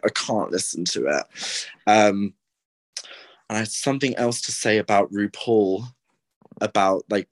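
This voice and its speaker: A young man co-hosting a podcast in casual, rambling chat, full of ums and likes. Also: lowish voice. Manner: rambling, filler-heavy. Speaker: podcast co-host.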